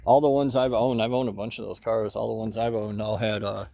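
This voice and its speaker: Gravelly low-voiced man browsing outdoors. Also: level tone, a little fast, mellow, dry recording. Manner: mutters running remarks to himself while browsing. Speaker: car hobbyist vlogger. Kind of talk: casual walk-around commentary. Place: outdoor junkyard.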